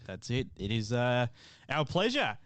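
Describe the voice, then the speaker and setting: A man's voice: medium pitch, big pitch swings, a little slow, fairly bright tone, no echo. A man from Australia with an Australian accent, co-hosting a podcast in laid-back, jokey chat. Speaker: podcast co-host. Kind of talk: casual chat.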